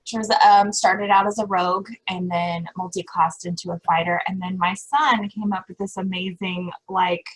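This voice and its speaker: Husky woman rambling with laughs. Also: fairly low pitch, level tone, moderate pace, few pauses, rough recording. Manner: rambling, self-correcting, laughs often. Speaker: podcast guest. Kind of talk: casual interview chat.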